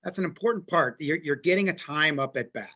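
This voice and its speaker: A man answering as a guest expert on a live training webinar, explaining in a steady, plain way. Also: a little high, brisk.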